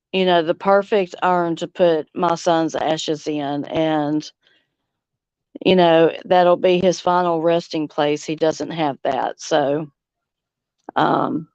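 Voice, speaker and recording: A middle-aged woman from Louisiana with a Southern accent, chatting casually on a livestream and reading comments, slow and drawling, laughing often. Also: fairly low pitch, a little mellow, clear, resonant tone, no echo, dull audio. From Louisiana, United States. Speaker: livestream host. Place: outdoors on a front porch swing.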